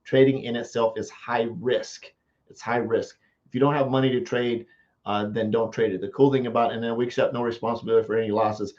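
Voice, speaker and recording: A man from the United States, a marketing coach, giving a casual live-stream pitch and repeating phrases for emphasis. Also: little pitch movement, a little fast, a little mellow, highs cut off.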